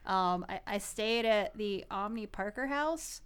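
A woman's voice: mid-range voice, animated, unhurried, smooth. A woman in her thirties co-hosting a podcast, telling a story in a giggly, rambling way, full of "like"s. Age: 30s. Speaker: podcast co-host. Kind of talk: casual chat.

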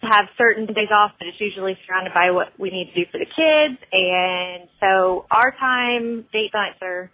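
A woman's voice: medium pitch, normal speed, few pauses, dry recording. A woman in her thirties, a working mom, leaving a candid, slightly sheepish voicemail for the show. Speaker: caller. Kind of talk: recorded voicemail. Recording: tinny phone line.

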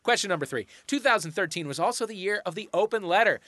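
A middle-aged man hosting a comedy quiz show, playful and quick to laugh between questions. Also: sits high, expressive, sharp tone, no room sound.

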